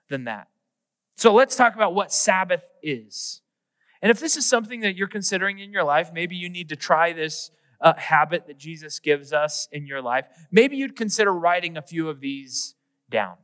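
Bright-voiced male pastor in an echoey hall. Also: fairly high pitch. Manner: conversational and self-mocking, with playful asides. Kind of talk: sermon. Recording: echoey hall with long reverb.

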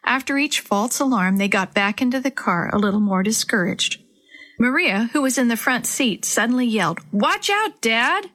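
A woman narrating a children's story aloud in a clear, even storytelling way. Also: on the high side, moderate pace.

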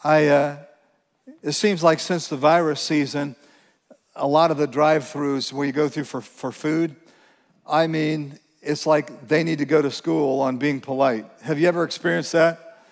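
Earnest pastor preaching in a reverberant hall. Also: male voice, a little high, fairly even intonation, gravelly. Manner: earnest, emphatic, reads scripture slowly. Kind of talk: sermon. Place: church sanctuary. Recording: long reverb from a large church hall.

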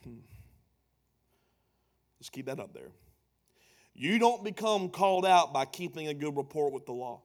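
A man preaching a sermon, emphatic and playful, swelling to loud lines. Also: a little high. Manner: emphatic, building to loud punchlines, playful asides.

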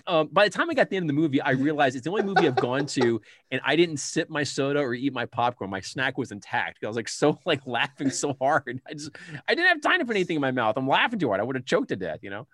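A middle-aged man in a casual film chat, animated and laughing often as he retells scenes. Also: medium pitch, fast, no echo.

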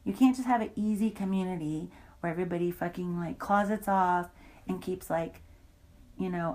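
A woman's voice: lowish voice, a little fast, dark tone, slight background noise, low-quality recording. A woman in an interview, bluntly recounting a personal story with heavy profanity and indignant emphasis.

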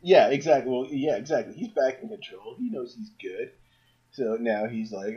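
A man co-hosting a comic-book podcast, animated and acting out characters' lines in paraphrase. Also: lowish voice, moderate pace, husky. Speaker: podcast co-host. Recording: dull lo-fi mic.

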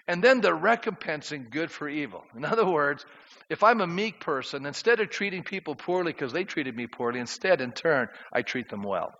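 Here the pastor's voice is fairly high and a bit bright, expressive and fairly quick, as he keeps questioning the congregation in his conversational sermon. The recording from the echoing church sanctuary sounds dull.

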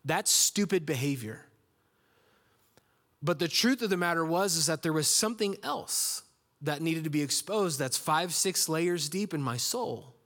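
A man's voice: fairly high pitch, lively intonation, unhurried, fairly bright tone. A man preaching a sermon in a conversational, storytelling way, acting out quotes in his stories. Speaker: pastor.

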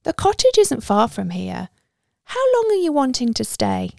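A woman's voice: a little high, huge pitch swings, normal speed, gravelly, darkish tone, no echo, clean studio sound, pitched above the performer's own voice, exaggerated voice. A woman voicing a cheery, helpful woman who runs a cafe, chatty and friendly.

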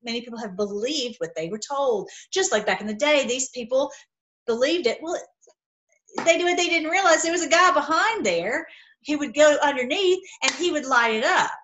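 A woman hosting an online video, retelling a story in an animated, emphatic way, often restarting her sentences. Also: high-pitched, normal speed, slight background noise. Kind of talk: casual storytelling talk.

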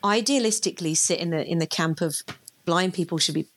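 A woman with a somewhat low voice talks casually on a panel podcast. She hesitates and restarts her sentences as she works through her thoughts. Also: fairly quick. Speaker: podcast co-host and actress.

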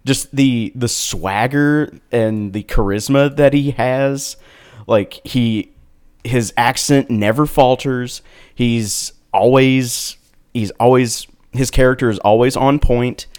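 A man's voice: medium pitch, slow, darkish tone, clear, resonant tone. A man chatting casually about movies as a podcast co-host, rambling with lots of fillers. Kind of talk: casual film chat.

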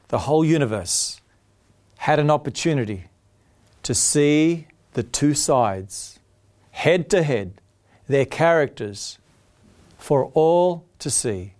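A man's voice: a little high, darkish tone. A man preaching a sermon, earnest and emphatic, often repeating his key phrases.

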